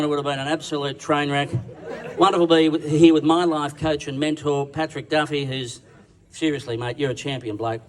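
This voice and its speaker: An Australian man giving a comic roast speech at a dinner, teasing and slangy in an irreverent way. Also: fairly high pitch. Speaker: roast speaker. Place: dinner function room. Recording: distant mic with background noise.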